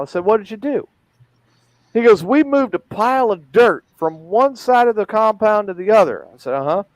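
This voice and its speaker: A man's voice: sits high, lively intonation, a little fast, dry recording, low-quality recording. A man in a casual chat, telling a crude story and quoting the dialogue back and forth.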